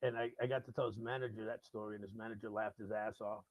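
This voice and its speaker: Gravelly, animated male radio host. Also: fairly low pitch, quick pace, no room sound, muffled recording. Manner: animated, acts out quoted voices loudly. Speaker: radio host telling a story. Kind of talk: casual live-stream storytelling.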